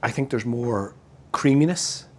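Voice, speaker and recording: A man's voice: medium pitch, expressive, measured pace, a little mellow, slight background noise. A middle-aged man with a Northern Irish accent, chatting casually and laughing as he reviews a beer outdoors in his backyard. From Northern Ireland.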